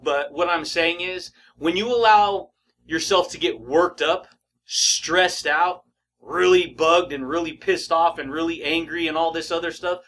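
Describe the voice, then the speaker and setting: A man's voice: fairly high pitch, sharp tone, a little hiss or hum. A man giving a casual motivational talk, slangy and emphatic, often laughing and calling the listener buddy and baby. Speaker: motivational speaker.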